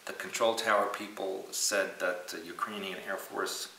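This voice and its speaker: A man's voice: low-pitched, normal speed, creaky, distant mic, a little hiss or hum. A man hosting a casual news commentary show, joking and teasing as he talks. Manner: joking, animated, teasing asides. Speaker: host. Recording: echoey room, off mic.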